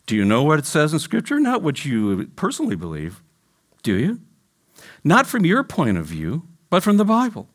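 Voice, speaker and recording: A man preaching a sermon as pastor, questioning his congregation directly and dropping low and soft when he quotes scripture. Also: huge pitch swings, normal speed.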